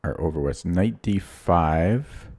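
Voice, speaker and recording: A man's voice: low voice, expressive, slow pace, darkish tone. A man streaming online chess, thinking aloud in short, anxious fragments as he weighs each move. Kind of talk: live commentary while playing online chess.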